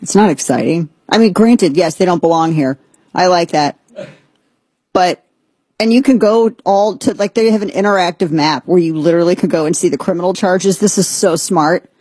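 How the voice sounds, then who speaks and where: A woman hosts a commentary show with a breathy, slightly raspy voice. She talks in a lively, sarcastic and easily excited way. The recording is dry and close, with no room sound. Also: fairly low pitch, normal speed, no room sound. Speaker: talk show host. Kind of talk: opinionated commentary chat.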